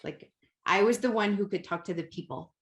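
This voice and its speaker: A woman's voice: mid-range voice, brisk, vocal fry. A middle-aged woman, a corporate executive, speaking openly and emotionally as a podcast guest from home. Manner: open, emotional, searching words with fillers. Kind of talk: personal conversation on a podcast.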